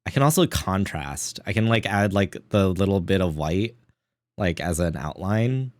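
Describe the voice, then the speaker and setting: A man's voice: low voice, lively intonation, normal speed, no echo, clean studio sound. Man muttering offhand stream asides. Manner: mumbled, offhand asides with many "like" fillers. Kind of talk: casual stream chat while drawing.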